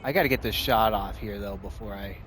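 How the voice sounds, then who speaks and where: A gaming streamer with a lowish voice talks a little fast over music while commentating on his own gameplay. He's excited and casual, out of breath, laughing often and talking to himself as the action swings.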